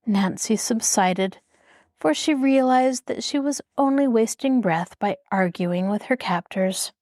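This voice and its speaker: A woman host reading a mystery novel aloud as a measured, expressive storybook narration. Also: fairly high pitch. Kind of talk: scripted narration.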